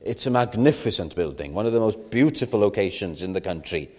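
A man's voice: on the low side, expressive, brisk, darkish tone. A man preaching a sermon at an evening church meeting, earnest and rising to fervent emphasis.

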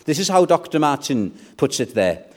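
A man preaching an evening sermon as pastor, measured in delivery and building to fervent exhortation. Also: fairly high pitch, big pitch swings.

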